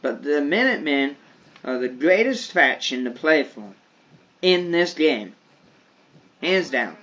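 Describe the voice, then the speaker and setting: A man from the United States talking over gameplay in a slow, deliberate way, repeating words as he thinks. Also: on the high side, sing-song, a bit bright, highs cut off. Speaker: gaming video creator. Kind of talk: gameplay commentary.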